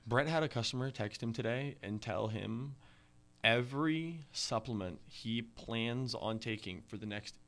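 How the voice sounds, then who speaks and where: Laid-back young podcast co-host, bright voice, laughs a lot. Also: male voice, medium pitch, unhurried. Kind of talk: casual chat.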